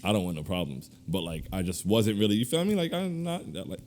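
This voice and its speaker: A man co-hosting a casual podcast, ranting in animated, slangy bursts and laughing through his complaints. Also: on the low side, a little fast, slight background noise. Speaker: podcast co-host.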